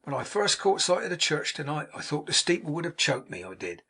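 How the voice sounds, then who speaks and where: A man's voice: fairly high pitch, sing-song, fairly quick, pushed and bright, breathy edge, heavily acted. A man voicing a cheerful, hearty young manservant with broad country speech, in a storybook reading. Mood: jolly.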